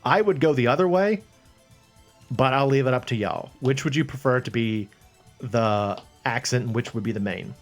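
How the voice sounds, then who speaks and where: Man, casual stream host, rambling, thinking aloud, mid pitch, faint background music. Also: normal speed. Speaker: livestream host painting a model. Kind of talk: casual live-stream chat with viewers.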